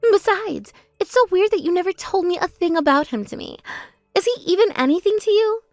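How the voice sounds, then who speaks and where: A woman's voice: very high voice, lively intonation, brisk, a little mellow, no room sound. A woman voicing a bratty, boastful younger sister. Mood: indignant. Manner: mocking, taunting, gloating. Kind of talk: text-message story voice acting.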